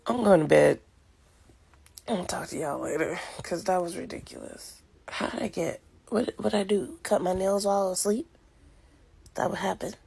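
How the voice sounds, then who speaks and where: A woman's voice: lowish voice, moderate pace, gravelly, a little mellow, slightly rough. A tired woman chatting to her camera in a sleepy, half-whispered voice, talking to herself about her schedule. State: sleepy, yawning. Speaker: vlogger. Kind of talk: casual chat to camera.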